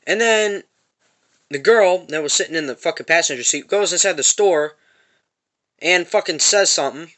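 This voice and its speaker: A man's voice: fairly high pitch, normal speed, long pauses, fairly bright tone. A man telling an angry, profane story about a confrontation in a parking lot, repeating himself as he goes. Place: parked van.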